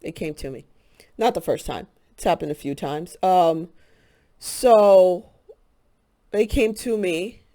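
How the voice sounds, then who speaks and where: A woman hosting a spiritual channel, talking in an earnest, halting casual monologue with many pauses and fillers. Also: lowish voice, expressive, mellow.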